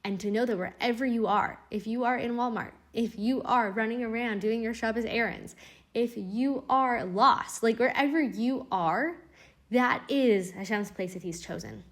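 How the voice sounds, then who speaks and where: A woman's voice: a little high, moderate pace. Earnest woman giving an uplifting Torah class. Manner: earnest, encouraging, repeats phrases for emphasis. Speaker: Torah teacher.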